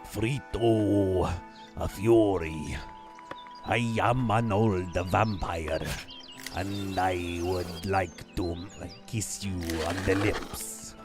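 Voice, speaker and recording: A creepy old vampire count, lecherous and drawling, as a man on a game stream puts him on. His voice sits low and strangely altered, each word stretched out slowly and theatrically. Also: steady tone, over music. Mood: leering. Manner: slow, drawn-out, theatrical delivery.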